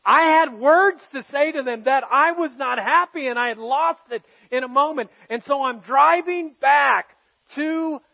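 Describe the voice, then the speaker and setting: A man preaching a heartfelt sermon in a noticeably high voice, confessing his own struggles to the congregation. He moves between ringing emphasis and near-whispered moments. The recording sounds dull and muffled. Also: vocal fry. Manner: earnest, confessional storytelling to a congregation, swinging from loud to hushed. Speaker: pastor.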